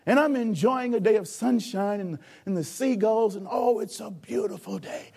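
A man preaching a sermon, addressing the congregation directly and acting out a lifeguard rescue with shouting. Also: high-pitched, normal speed, vocal fry, breathy edge. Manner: calls for audience response.

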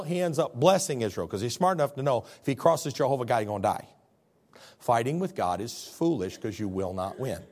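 A man preaching a sermon as a pastor, telling stories with comic character voices. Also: on the high side.

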